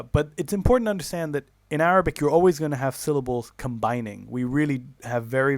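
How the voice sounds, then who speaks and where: A man's voice: mid-range voice, no echo. Man lecturing with fillers, dry sound. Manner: explains step by step with many fillers and self-corrections; slows down to drawn-out example words. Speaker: teacher. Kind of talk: recorded online lecture.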